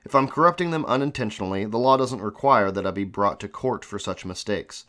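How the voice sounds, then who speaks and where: Man, fairly low voice, amateur reading aloud, earnest, questioning, occasional restarts. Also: a little fast, bright, forceful tone. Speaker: reader of classic texts.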